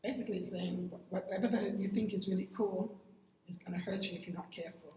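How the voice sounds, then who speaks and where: A woman vlogger talking casually about sayings, with lively jumps in pitch. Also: fast talker, roomy sound, a little hiss or hum. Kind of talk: casual talk explaining sayings.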